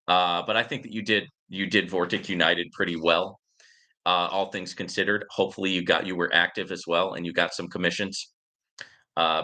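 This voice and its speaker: A man's voice: low voice, bright, forceful tone. A man hosting a casual finance commentary show, talking in a rambling way with lots of fillers and addressing viewers as guys. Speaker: crypto investment show host. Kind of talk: casual live-stream commentary.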